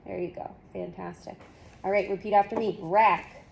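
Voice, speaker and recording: A woman reading tutor leads a one-on-one phonics lesson. She is patient and encouraging, and her voice sits at an ordinary middle pitch. She gives clear step-by-step prompts. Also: steady tone, a little fast, warm tone, a little hiss or hum.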